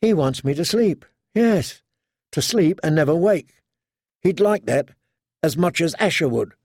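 A proud young lord, voiced by a male narrator, brooding and suspicious, his unhurried words turning tense and climbing higher when fear or anger takes hold. The voice sits in an ordinary male middle register and sounds close and dry. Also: lively intonation, darkish tone, breathy edge, no echo, exaggerated voice. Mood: bitter.

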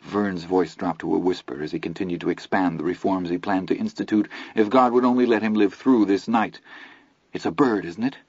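Low-voiced male audiobook narrator. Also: steady tone, brisk, hardly any pauses, a little mellow, breathy edge, dry recording. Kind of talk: scripted first-person narration. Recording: dull lo-fi audio, dry.

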